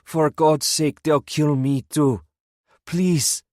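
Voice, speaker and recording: A man's voice: fairly low pitch, takes it slowly, slightly rough, no echo, clean studio sound. A man voicing a desperate gray-bearded old male prisoner who begs to be taken along. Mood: pleading. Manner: shifts from eerie resignation to frantic begging.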